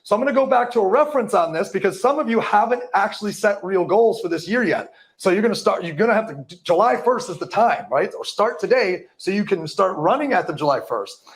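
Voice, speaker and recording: A man's voice: sits high, lively intonation, fairly quick. A man giving a live motivational talk to an audience, hyped and profane, tripping over words now and then. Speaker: motivational speaker.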